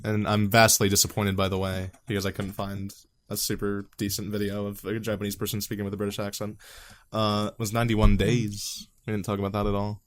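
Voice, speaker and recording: Low-voiced, profane man chatting. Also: fairly quick. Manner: loose, profane, excitable rambling. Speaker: podcast co-host. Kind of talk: casual chat.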